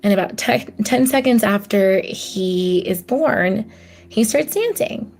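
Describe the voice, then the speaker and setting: Animated yet slow, her mid-range voice has a darkish tone. She hosts a solo podcast full of reflective, heartfelt conversation, acting out the voices of those she quotes.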